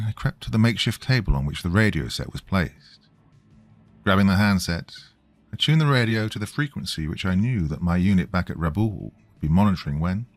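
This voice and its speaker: A man narrating a scripted horror story with a very deep voice. He reads slowly and gravely. Soft music plays faintly underneath. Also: no room sound.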